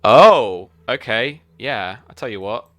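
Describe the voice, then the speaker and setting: A man's voice: medium pitch, expressive, takes it slowly, a bit bright. A man narrating a tabletop game as game master, describing scenes loosely with many fillers.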